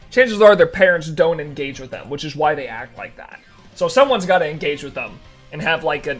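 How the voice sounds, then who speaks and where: A young man streaming live, chatting casually with viewers and telling an animated story with dry sarcasm. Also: fairly high pitch.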